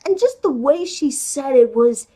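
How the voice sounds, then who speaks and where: A young woman talks through her thoughts on a movie in a relaxed, unscripted way. She sounds chatty and animated, often restarting her sentences and leaning on "like." Her voice sits a little on the high side. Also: a little slow. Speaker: movie reviewer. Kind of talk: casual spoken review.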